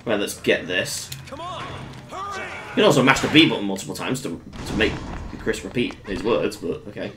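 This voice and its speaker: A man giving casual let's-play commentary on a game, breaking into excited exclamations. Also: on the low side, normal speed, pauses often, background noise. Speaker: gameplay commentator.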